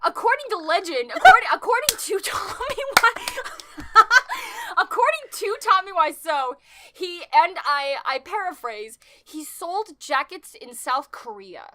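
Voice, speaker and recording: A young woman co-hosting a podcast, chatting casually, animated and rambling with frequent restarts. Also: extremely high pitch, unhurried. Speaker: podcast co-host. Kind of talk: casual chat.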